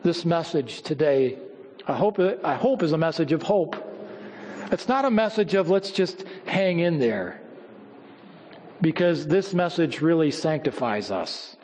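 A man preaching a sermon, telling stories and quoting scripture, often dropping low and quiet for emphasis. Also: very animated, moderate pace, in a large hall, slight background noise. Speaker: pastor.

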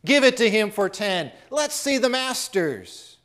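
A man putting on an impatient, angry bidder who shouts demands from the back of a room. The voice is pushed up very high. He sounds demanding and fed up. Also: big pitch swings, measured pace, heavily acted.

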